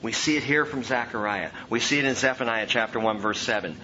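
A man preaching an expository sermon in an animated way, dropping to a hush and rising loud for emphasis. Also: medium pitch, brisk, few pauses, highs cut off, a little hiss or hum.

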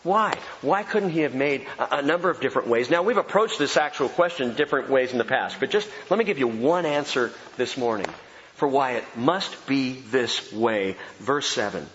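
A man preaching a sermon as pastor, emphatic and animated, repeating key phrases for effect. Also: mid-range voice, moderate pace, slight background noise. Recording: dull sound with long hall reverb.

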